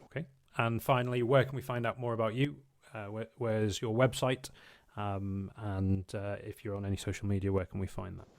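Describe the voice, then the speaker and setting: A man's voice: on the low side, little pitch movement, normal speed, no room sound. A man hosting a podcast interview, asking questions politely with hesitant fillers. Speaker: podcast host.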